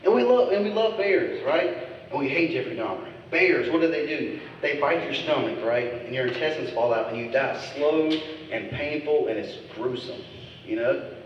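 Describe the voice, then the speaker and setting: A man's voice: a little high, lively intonation, moderate pace, muffled recording, slight background noise. A man doing a stand-up comedy set on a club stage, crude and teasing as he riffs with the crowd. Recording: echoey club recording from far off.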